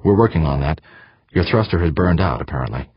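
A man's voice: very deep voice, expressive, fairly quick, breathy edge, no room sound, heavily acted. A man voicing a cool, professional male chief technician in a clipped, businesslike way. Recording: dry, slightly dull lo-fi sound.

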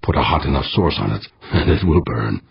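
Brutal stocky man, curt gruff orders, very deep, raspy, as a man voices him. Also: lively intonation, fairly quick, no echo, muffled recording, full character voice. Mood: grim. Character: stubby bull-like man, brutal and commanding.

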